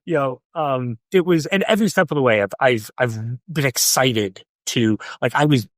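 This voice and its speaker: A young man in his twenties speaks at a middle pitch, stumbling over his words and circling back as he recounts a personal story. He sounds close and dry on a podcast microphone, with no room around him. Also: no echo. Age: young adult. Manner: halting, repeats words, many ums. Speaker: guest. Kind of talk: casual interview storytelling.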